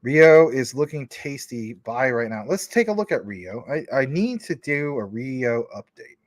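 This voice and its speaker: A man's voice: medium pitch, very animated, a little slow, hardly any pauses, no echo. Man, casual livestream host, rambling, informal, dry close sound. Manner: rambling, informal, many fillers. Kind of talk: casual livestream chat reading comments.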